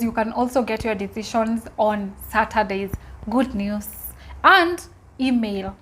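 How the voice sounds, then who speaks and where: A young Kenyan woman vlogs a personal story to her viewers, speaking casually and emotionally in a fairly high voice. She often repeats herself and talks to them directly.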